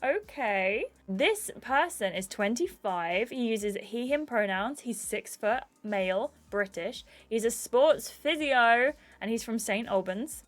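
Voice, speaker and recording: Chatty, excitable young woman gamer. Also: a little high, takes it slowly, soft background music. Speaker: gaming channel host. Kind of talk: casual gaming commentary.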